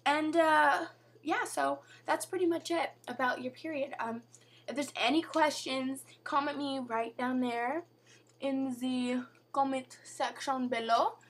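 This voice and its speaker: A young woman vlogging in a casual chat to camera, chatty and full of "like" and "you know", her voice going hoarse. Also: sits high, fairly even intonation, a little slow.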